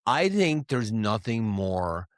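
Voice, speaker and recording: A man's voice: on the low side, very animated, takes it slowly, dry recording, clean studio sound. A man co-hosting a podcast, chatting casually and gossiping, swearing freely and acting out what others said. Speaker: podcast co-host. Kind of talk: casual chat.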